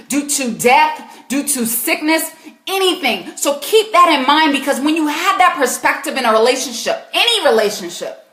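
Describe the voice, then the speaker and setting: A woman's voice: high-pitched, a bit bright, reverberant. A woman with a South Carolina accent, a Christian life coach answering viewers' questions on a live stream in an emphatic, preachy way. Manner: emphatic, preachy, talks back to viewers' comments.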